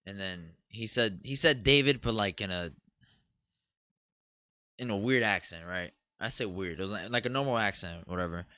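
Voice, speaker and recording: A man's voice: sits low, normal speed, pauses often, pushed and bright, clear, resonant tone, no echo. A young man from Cuba co-hosting a podcast, telling loose, profane stories in casual chat. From Cuban. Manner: loose, profane storytelling with laughs. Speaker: podcast co-host.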